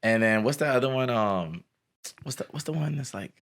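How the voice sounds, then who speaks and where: A young man hosting a podcast, telling animated stories in casual chat, acting out quotes and laughing often. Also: medium pitch, normal speed. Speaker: podcast host.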